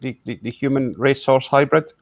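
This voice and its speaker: A man's voice: medium pitch, fairly even intonation, fairly quick, no echo. A man hosting an improvised comedy panel show, hesitant with many fillers. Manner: hesitant, full of ums and restarts. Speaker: show host.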